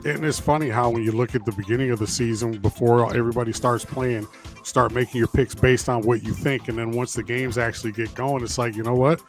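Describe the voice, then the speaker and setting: A man's voice: medium pitch, steady tone, brisk, soft background music. Rambling man on a sports podcast. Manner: rambling, many fillers and restarts. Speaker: podcast co-host. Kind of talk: casual sports talk.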